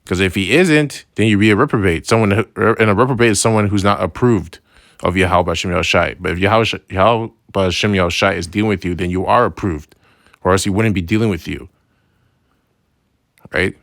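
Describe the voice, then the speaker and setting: A man with a lowish voice gives a relaxed Bible lesson, reading verses and then explaining them in loose, slangy talk. He keeps asking "right?" as he goes, and the recording is dry and close. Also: a little fast, creaky, no echo. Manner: slangy, loose phrasing with restarts. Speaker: religious teacher.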